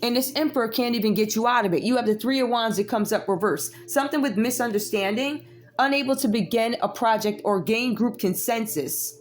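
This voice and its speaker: A woman's voice: a little high, fairly quick, slight background noise. Chatty woman giving a tarot reading. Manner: chatty, sassy asides to viewers. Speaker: tarot reader.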